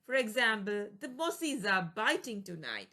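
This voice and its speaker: A woman's voice: medium pitch, big pitch swings, measured pace, sharp tone. A woman reading an English vocabulary lesson, going through word lists, each with a plain explanation and an example sentence. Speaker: English teacher.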